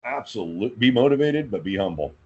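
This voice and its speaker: A man working as an aircraft quality inspector, chatting as a podcast guest and telling work stories in an animated way, often repeating words as he thinks. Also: mid-range voice, a little fast, husky, lo-fi sound. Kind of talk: casual storytelling conversation.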